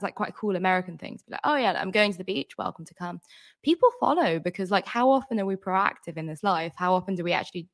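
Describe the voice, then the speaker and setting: A woman's voice: lowish voice, fairly bright tone. A woman author as an interview guest, chatty and thoughtful with many fillers. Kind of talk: casual interview chat.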